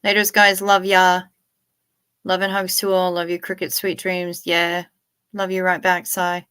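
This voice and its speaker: A woman's voice: lowish voice, level tone, unhurried, fairly bright tone, clean tone. A woman in young adulthood hosting a casual late-night livestream, chatting, reading out viewer comments and swearing freely. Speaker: livestream host.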